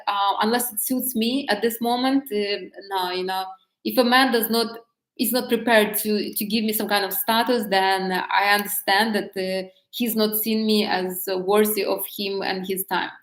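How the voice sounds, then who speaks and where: A woman's voice: mid-range voice, reverberant. A woman talking candidly to camera about dating, chatty, with frequent restarts and light laughs. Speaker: vlogger giving dating advice. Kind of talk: casual talk to camera.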